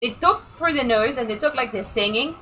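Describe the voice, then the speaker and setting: A woman from the south of France with a French accent, a streamer chatting in an animated way while she plays. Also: fairly high pitch, fairly quick, a little hiss or hum, poor audio. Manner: chatty, animated, laughing asides. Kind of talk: casual gameplay commentary.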